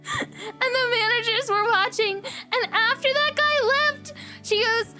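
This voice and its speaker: Young woman streamer, very high and bright voice, animated storyteller, soft music under her. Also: takes it slowly. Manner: giggly, repeats lines for effect. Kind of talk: casual chat stream.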